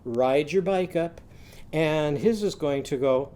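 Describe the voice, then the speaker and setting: A man's voice: fairly high pitch, slow pace, mellow, slight background noise. A man teaching young children a phonics lesson, singing little chants and leading sound drills for them to repeat.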